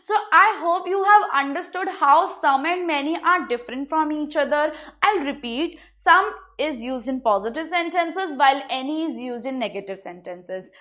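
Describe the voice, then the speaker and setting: A high-pitched woman with an Indian English accent walks a class through grammar rules. She repeats each point patiently and gives simple examples. The recording sounds a little dull and lo-fi. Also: expressive, normal speed, sharp tone.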